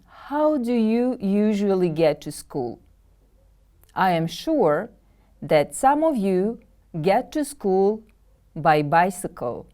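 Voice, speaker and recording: A woman from Kyrgyzstan teaching a televised English vocabulary lesson, speaking slowly and carefully and repeating each word for her pupils. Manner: slow, careful, lively pitch, repeating words for pupils.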